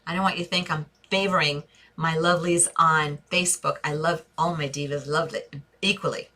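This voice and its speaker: She's a New York interior design host answering live stream questions in a gushing, think-aloud style. Her low-pitched voice holds a steady tone, pushed and bright, moving a little fast.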